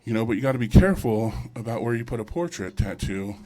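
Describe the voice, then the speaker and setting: A man's voice: medium pitch, expressive, fast, warm tone. A man doing a stand-up comedy set at a live show, crude and rambling, teasing the crowd.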